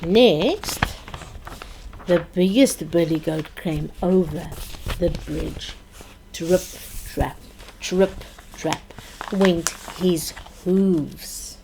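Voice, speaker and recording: A preschool teacher woman reads a children's story and talks young children through a counting activity. She speaks slowly and clearly, in a sing-song, animated teacher voice, with faint noise behind her. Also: lowish voice.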